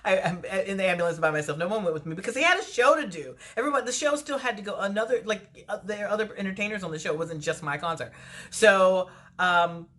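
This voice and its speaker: A woman entertainer telling a personal story in a casual storytime vlog, animated and laughing often. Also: medium pitch, fast talker. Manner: animated retelling with frequent laughs.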